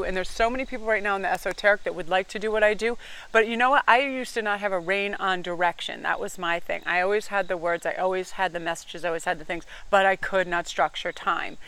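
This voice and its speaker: Fast-talking energetic woman tarot reader. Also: medium pitch, smooth. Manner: energetic, rapid, swears casually, laughs often. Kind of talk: pick-a-card tarot reading to viewers.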